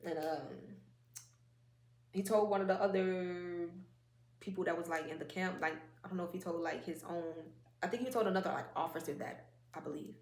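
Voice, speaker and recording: A woman's voice: on the low side, moderate pace. A woman giving a casual spiritual oracle card reading in a rambling, conversational way, with many fillers and asides. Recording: echoey room, faint noise.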